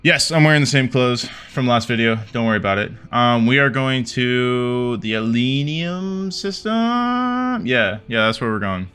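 Goofy, lively gaming host. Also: male voice, mid-range voice, a little slow, clean tone. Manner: goofy, swears, laughs and rambles. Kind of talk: casual gameplay commentary.

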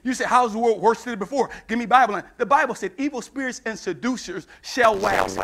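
High, bright-voiced preacher man. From United States. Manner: call-and-response preaching that builds into shouting, acting out Bible dialogue. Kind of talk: sermon.

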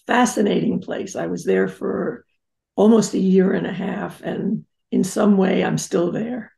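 An older woman speaks as a therapist guest, telling family stories in a reflective, emphatic way. Her voice is deeply gravelly with heavy vocal fry. Her tone is dark and mellow. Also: measured pace. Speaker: psychotherapist guest. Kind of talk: interview storytelling.

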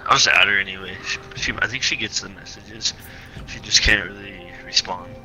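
Brief: young male gamer, low voice with a very sharp, tense edge, offhand talk. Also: steady tone, a little fast, poor audio. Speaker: streamer. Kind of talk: casual gaming chat. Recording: game music behind.

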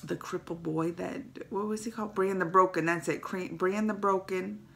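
Emotional woman with a gravelly voice. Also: fairly low pitch, normal speed. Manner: excitable, emotional storytelling with dialect phrases. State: emotional, teary. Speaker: YouTube reaction host. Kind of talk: casual reaction recap.

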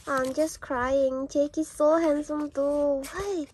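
A woman's voice: sits high, steady tone, slow pace, darkish tone. A young woman from Indonesia, gushing and gasping with delight as she chats casually in a fan vlog. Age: young adult. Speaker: vlogger.

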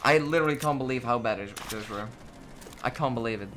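A man's voice: medium pitch, quick pace, noisy background. A man livestreaming a shooter game, talking in an exasperated, swear-heavy casual rant to his viewers. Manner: exasperated, swearing, ranting after a loss. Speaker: gaming livestreamer. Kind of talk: casual live commentary.

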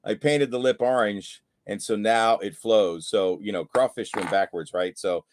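A man's voice: lowish voice, moderate pace, a little hiss or hum. A man sharing tips and stories in a casual live-stream chat, often repeating little catchphrases. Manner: storytelling, repeats catchphrases like "there you go". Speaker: guest angler.

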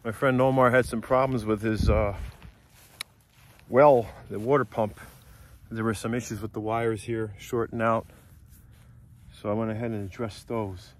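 A man narrating a casual vlog outdoors on a farm, explaining things in a relaxed, rambling way with lots of fillers. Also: lowish voice, moderate pace, pauses often, slight background noise. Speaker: vlogger visiting a friend's farm.

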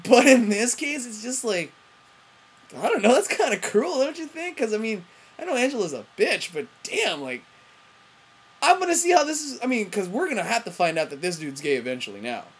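Husky woman for a rambling, profanity-laced TV review vlog. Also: on the high side, sing-song, a little fast. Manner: profane, rambling, frustrated ranting; frequent self-interruptions and fillers. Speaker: TV review vlogger. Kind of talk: ranting TV episode review.

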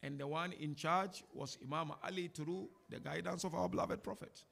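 Bright, gravelly-voiced man teaching. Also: fairly high pitch, moderate pace. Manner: animated, chatty teacher with laughs and asides. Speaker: sheikh giving a talk and answering questions. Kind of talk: informal religious lecture with Q&A. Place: mosque hall before an audience.

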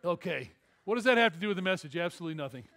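A male pastor preaching a sermon in a church, telling a story in an animated, conversational way with jokes. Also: high voice, rapid-fire. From Detroit area. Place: church auditorium.

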